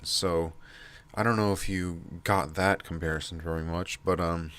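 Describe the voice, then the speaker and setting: A man with a nasal, stuffy voice and heavy breathing, rambling casually to his channel with many pauses and restarts. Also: low-pitched, fairly bright tone. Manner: halting, many fillers and restarts. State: stuffy from allergies. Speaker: channel host.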